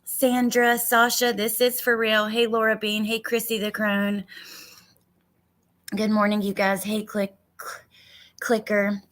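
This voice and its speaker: A woman's voice: medium pitch, little pitch movement, a little slow, long pauses, fairly bright tone. A woman hosting a casual true crime livestream, talking a lot and greeting viewers by name, a little frustrated.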